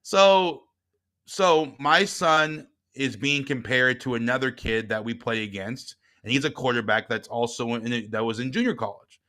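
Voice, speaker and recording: A middle-aged man, a guest and author, telling a personal story in casual talk, swinging from quiet reflection to heated retelling. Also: medium pitch, measured pace.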